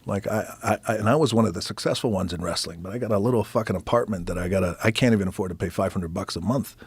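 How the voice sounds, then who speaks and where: A man as a podcast guest, telling a profane, animated story in casual conversation and acting out other people's lines. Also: lowish voice, fast talker, husky, no echo.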